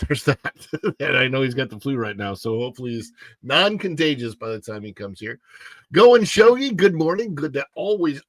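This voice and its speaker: A man's voice: mid-range voice, pushed and bright, no room sound. A middle-aged man hosting a casual livestream, chatting and reading viewer comments aloud. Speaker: livestream host.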